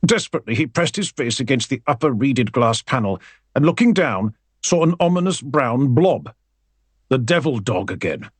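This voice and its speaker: Husky-voiced male audiobook narrator. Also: mid-range voice, normal speed, dry recording. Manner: wry, expressive storytelling.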